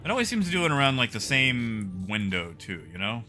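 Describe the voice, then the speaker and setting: A man's voice: medium pitch, very animated, a little fast, noisy background. A man streaming a game live, chatting casually with his viewers by name while he plays.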